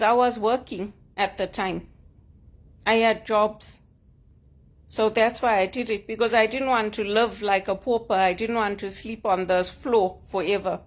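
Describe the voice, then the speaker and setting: A woman vlogging at home, talking frankly and with grievance in short emphatic statements. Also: medium pitch. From Zimbabwe. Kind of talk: personal vlog monologue. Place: at home, sitting on a couch.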